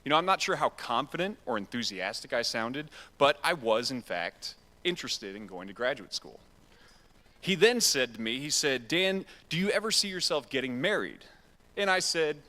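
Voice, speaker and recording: Bright-voiced preacher in a hall. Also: male voice, mid-range voice, sing-song, normal speed. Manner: casual, self-deprecating storytelling. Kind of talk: storytelling sermon. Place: church sanctuary. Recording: reverberant church hall.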